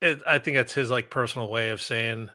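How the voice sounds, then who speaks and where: A man's voice: medium pitch, a little fast, sharp tone, no echo, studio quality. A man co-hosting a casual film chat, working through a point with thoughtful, hedging explanations. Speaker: podcast co-host.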